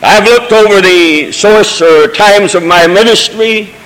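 A man's voice: high-pitched, slow pace, a bit bright. A man preaching a Sunday sermon, moving between folksy asides and rising, emotional cadences. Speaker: pastor. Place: church sanctuary during a service. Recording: long reverb of a church hall.

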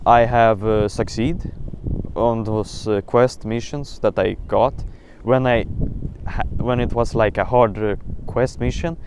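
A man's voice: medium pitch, fairly even intonation, measured pace, darkish tone. A young man podcasting on his phone outdoors, ranting and swearing in a casual monologue full of fillers. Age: young adult. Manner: ranting, profane, many fillers. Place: outdoors near water. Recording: outdoor phone recording with clear background noise.

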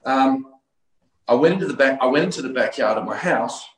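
A man from Australia, middle-aged or older, tells a personal conversion story as a guest. He talks earnestly, often restarting his sentences as he searches for words. His voice sits at an ordinary pitch in a roomy, echoing space. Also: lively intonation, brisk. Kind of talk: telling a personal faith story. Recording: roomy echo.

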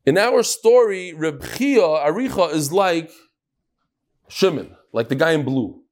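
Animated man teaching Talmud. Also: on the high side, a little slow. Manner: mixes Yiddish-Hebrew terms into English, acts out dialogue.

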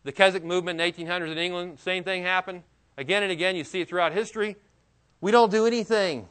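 A man preaching a sermon, his voice sitting a little high for a man. He speaks earnestly and with emphasis, breaking off into casual asides and questions to his listeners. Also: steady tone, very fast, pushed and bright, clean tone. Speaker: pastor.

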